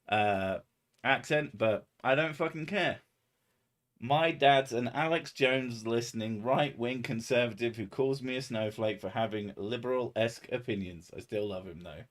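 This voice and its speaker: A man's voice: medium pitch, a little slow, a bit bright. Man, streamer, casual chat, rambling, sardonic, swears a lot.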